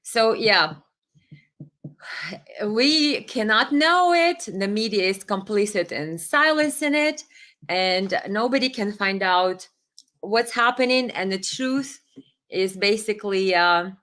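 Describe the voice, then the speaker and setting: A woman's voice: medium pitch, a bit bright. A woman hosting a political commentary livestream, talking in an impassioned, indignant way with hesitations and restarts, and reading viewer comments aloud. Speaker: livestream host.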